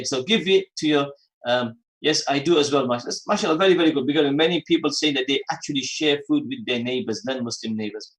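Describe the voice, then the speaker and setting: A man's voice: mid-range voice, poor audio. A man hosting a religious phone-in radio show who repeats phrases for emphasis and mixes in Arabic and Urdu terms. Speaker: radio host.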